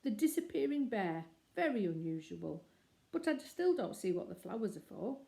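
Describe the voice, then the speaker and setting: A woman's voice: medium pitch, sing-song, moderate pace, creaky. A woman playing a blustering, grumpy neighbour man. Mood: dry. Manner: blustering, shouting in rage. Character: grumpy, greedy, quick-tempered middle-aged neighbour man.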